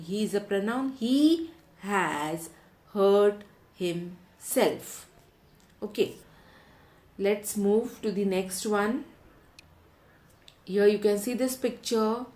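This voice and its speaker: A woman teacher, taking a class of children through a lesson, repeating each question and answer slowly so they can write it down. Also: medium pitch, dark tone. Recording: roomy echo.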